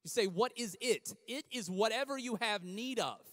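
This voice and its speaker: Energetic male youth pastor, chatty sermon delivery, higher register, hall echo. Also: normal speed. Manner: energetic, conversational, acts out quotes. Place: church hall, streamed. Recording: long hall reverb.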